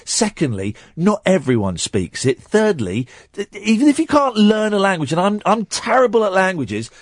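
A man hosts a radio show, reading items aloud and then tearing into them with exasperated sarcasm. His pitch leaps around animatedly and sits a little high for a man. The sound is dry and close. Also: big pitch swings, moderate pace, no room sound. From Britain. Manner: ranting, sarcastic, exasperated outbursts. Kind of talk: casual radio chat.

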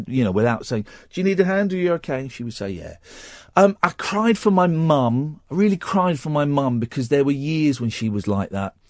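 A man hosting a radio show, telling a personal story while close to tears, halting and restarting often. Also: a little high, dry recording. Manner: halting and tearful, with many restarts. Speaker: radio host.

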